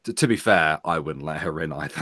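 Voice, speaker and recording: A man's voice: low voice, bright, forceful tone, no echo, studio quality. A man hosting a casual political chat show, joking, laughing often and stumbling into restarts. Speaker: host of an online talk show.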